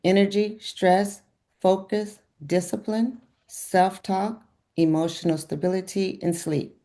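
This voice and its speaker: Slow, gushing woman health coach. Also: mid-range voice, fairly even intonation, warm tone. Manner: effusive, repeats praise. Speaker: health coach leading a group check-in. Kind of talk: encouraging coaching session.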